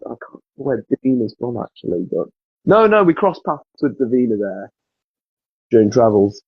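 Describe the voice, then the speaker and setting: Laid-back man, husky and dull-sounding. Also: mid-range voice, sing-song, brisk, no echo. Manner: storytelling, swears freely. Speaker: guest. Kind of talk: casual podcast chat.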